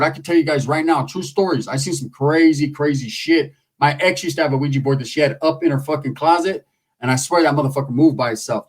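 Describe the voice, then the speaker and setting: A man telling a story in a casual, slangy, profane way, animated throughout. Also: a little high.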